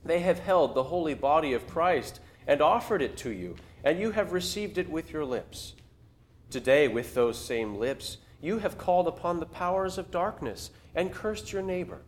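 A man reading aloud the lines of a wise old rector who questions a man gently but firmly. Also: a little high, expressive, moderate pace, natural voice. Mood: gently probing. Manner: earnest, questioning, read aloud.

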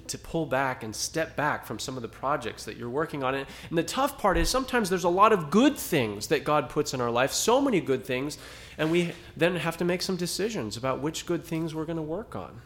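Conversational preaching man, slightly high voice. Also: fairly bright tone. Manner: conversational preaching with dramatic emphasis. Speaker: pastor. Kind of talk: sermon.

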